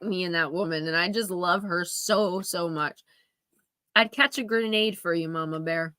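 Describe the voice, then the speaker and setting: A woman's voice: fairly low pitch, normal speed, pushed and bright, clean tone, no room sound. A woman reading oracle cards on a live stream, chatty and emotional, sniffling now and then as she talks straight to her viewers. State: tearful, sniffling.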